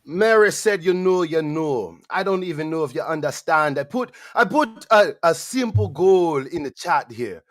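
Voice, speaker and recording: A man's voice: fairly high pitch, expressive, natural voice. A man putting on an exaggerated Jamaican accent to lecture and tease a co-host. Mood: preachy. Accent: put-on Jamaican. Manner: lecturing, teasing, drawn-out phrases. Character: mock Jamaican-accented male trash-talker.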